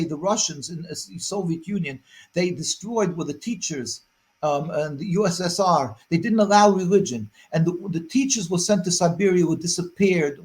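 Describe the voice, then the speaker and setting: A man, a rabbi, giving long earnest interview answers, often repeating words as he searches for them and rising to forceful emphasis. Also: sits high.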